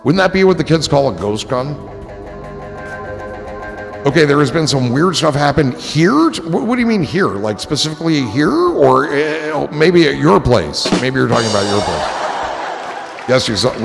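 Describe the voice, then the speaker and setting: Gravelly, joking man hosting a stream. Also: medium pitch, sing-song, normal speed, in a large hall, music in the background, crowd noise. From New Jersey. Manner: rambling, joking, profane. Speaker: livestream host reading chat. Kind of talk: casual chat.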